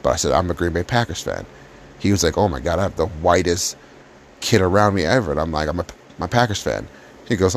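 A man's voice: deep voice, fast talker, slight background noise. A man telling a personal story about his past in a casual, blunt and profane way.

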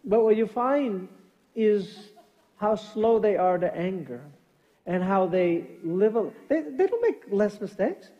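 A middle-aged man preaching a sermon as pastor, telling animated family stories and acting out quoted lines. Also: high-pitched, takes it slowly, muffled recording. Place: church sanctuary. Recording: long church hall reverb.

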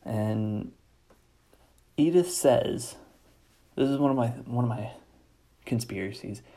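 Gravelly-voiced man gushing about a movie. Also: medium pitch, mellow. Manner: enthusiastic, rambling, lots of fillers. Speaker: movie reviewer. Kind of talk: casual movie recap.

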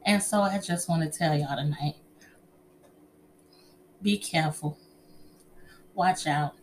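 Chatty, expressive woman with a lowish voice. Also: takes it slowly, slight background noise. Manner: expressive, chatty, calls listeners honey and child. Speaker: speaker giving relationship advice. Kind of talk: personal storytelling to an audience.

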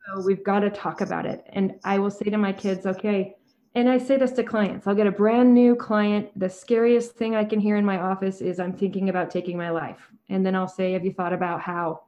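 A woman in her forties, a therapist talking calmly and earnestly, often acting out her own conversations. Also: medium pitch, fairly quick. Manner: calm, soft-spoken, quotes herself in dialogue. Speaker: therapist and guest.

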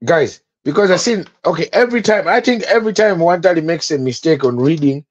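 A man's voice: on the high side, expressive, fairly quick, no room sound, lo-fi sound. A man joking with friends on a podcast, often repeating himself. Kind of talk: casual chat.

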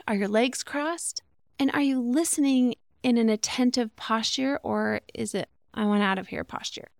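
Middle-aged female podcast host, raised pitch, gravelly fry, conversational explainer with rhetorical questions, close dry mic. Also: dry recording. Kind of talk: solo podcast teaching.

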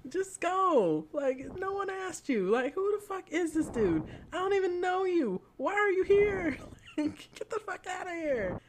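A woman with a raised, very lively voice rants in casual podcast chat, swearing freely and laughing until she can hardly breathe. Steady noise sits behind her voice throughout. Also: sits high. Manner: exasperated, laughs hard, cursing. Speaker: podcast co-host.

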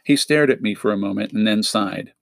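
A man's voice: fairly quick, gravelly, no echo. A man reading a middle-grade novel aloud, lifting his voice for each character's lines and dropping it for the tags. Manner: lifts pitch for quoted characters, drops for tags. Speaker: audiobook narrator.

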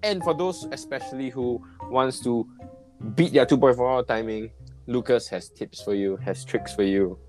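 A young man with a Singaporean accent, chatting as a podcast co-host in a mid-pitched, easygoing voice. He is jokey and quick to laugh, often backing off touchy topics. Guitar music plays clearly beneath his voice. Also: darkish tone. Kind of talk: casual podcast chat. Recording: guitar music playing underneath.

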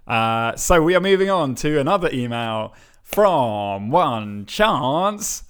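Male podcast co-host, wry and chuckling, mid pitch with a lively, wide-ranging melody. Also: slow pace, clean tone. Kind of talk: casual chat, reading listener emails aloud.

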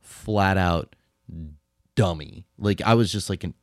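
A man co-hosting a podcast, telling a story in casual chat, animated, swearing and laughing as he goes. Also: low voice, slow pace, dry recording, studio quality. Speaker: podcast co-host.

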